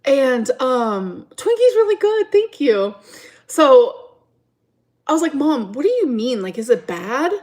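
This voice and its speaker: A woman's voice: sits high, very animated, takes it slowly, a little mellow. Chatty woman telling a livestream story. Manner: chatty, rambling, reads chat aloud. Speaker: streamer. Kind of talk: casual livestream story time. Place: at home.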